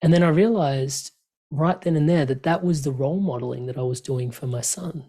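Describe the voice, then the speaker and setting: A man, speaking openly and earnestly in a relaxed conversation, with many fillers and restarts. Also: on the high side, fairly quick. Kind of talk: reflective conversational chat.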